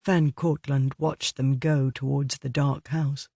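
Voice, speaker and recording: A man reading an audiobook in a measured, even way. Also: medium pitch, creaky, no room sound, clean studio sound. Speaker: audiobook narrator. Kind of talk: scripted narration.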